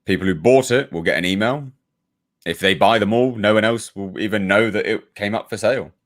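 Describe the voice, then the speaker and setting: A British YouTube reviewer from the United Kingdom hosts a live hangout, speaking British English in a lowish voice at a fairly quick pace. Between reading viewer comments, he tells a profane, ranting story about his neighbour.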